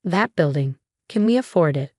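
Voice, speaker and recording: A woman's voice: fairly low pitch, expressive, normal speed, a little mellow, no room sound, studio quality. A woman voicing an earnest, encouraging young businesswoman in a read-aloud story. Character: eager young woman, business-minded daughter.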